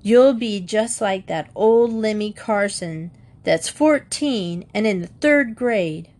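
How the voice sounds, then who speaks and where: A woman's voice: mid-range voice, slow pace, darkish tone, natural voice. A woman voicing a bossy older schoolboy who talks down to his brother. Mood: lecturing. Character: older brother, bossy know-it-all boy.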